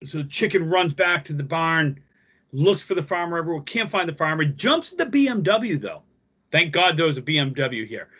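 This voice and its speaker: A man's voice: a little high, very animated, moderate pace, sharp tone, breathy edge, dull audio. A man co-hosting a casual podcast, telling a long rambling joke and laughing with friends. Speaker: podcast co-host.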